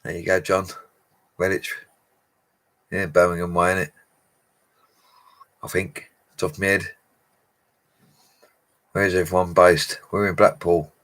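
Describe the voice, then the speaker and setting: A low-pitched man chats casually through a livestream Q&A. He is a bricklayer answering viewers' questions in a matey, easygoing way and laughs often. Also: steady tone, a little slow, long pauses, a bit bright.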